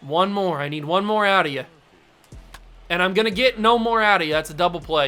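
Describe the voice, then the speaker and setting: A man's voice: sits high, fairly quick, pushed and bright, clear, resonant tone. A young man commentating his own baseball video game play, self-deprecating and exasperated at his mistakes. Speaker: gaming YouTuber host. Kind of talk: gameplay commentary.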